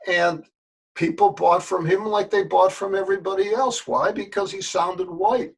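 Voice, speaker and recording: An older man with a gravelly, husky voice that sits fairly high for a man. He speaks to his listeners as a yoga teacher in a plain, folksy way. He is earnest and repeats words for emphasis. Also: steady tone, moderate pace. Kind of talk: spoken address to camera.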